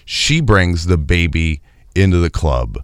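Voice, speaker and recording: A man's voice: low voice, measured pace, dry recording, studio quality. A man telling a profane comedic story in casual chat, acting out quoted lines. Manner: profane, animated, acts out quotes.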